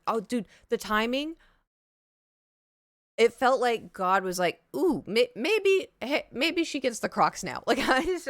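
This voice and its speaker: A young woman streamer telling a story to her live chat in a rambling, chatty way, full of "like" and quick laughs. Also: medium pitch, clean tone, dry recording, clean studio sound. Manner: chatty, rambling, heavy use of "like", laughs easily.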